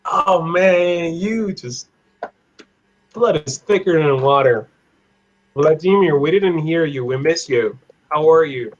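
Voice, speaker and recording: A man teaching an online English class on idioms, playful, laughing often and repeating phrases slowly. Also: on the high side, animated, highs cut off, slight background noise. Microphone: video call.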